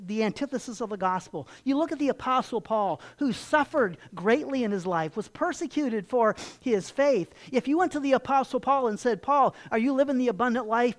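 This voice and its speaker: A pastor delivering a sermon, emphatic and full of rhetorical questions, repeating key phrases and growing louder and higher to stress a point. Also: animated, brisk, few pauses.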